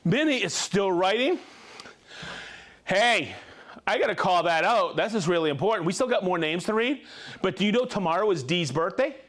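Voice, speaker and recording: A man hosting a live tool show in casual chat, upbeat and laughing often as he reads out viewer shout-outs. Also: high voice, expressive, moderate pace.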